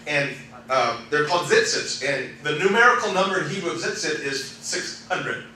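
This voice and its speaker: A man preaching a sermon as pastor, animated and laughing often, swinging between loud exclamations and quiet storytelling. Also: on the high side, normal speed, slight background noise. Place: church sanctuary. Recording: echoey church hall, mic from far off, congregation responding. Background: congregation calling out responses.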